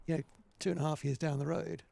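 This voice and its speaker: A man's voice: fairly high pitch, level tone, quick pace, vocal fry, warm tone. A middle-aged man, a retired player giving chatty, wry co-commentary on live cricket. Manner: chatty, wry, musing asides.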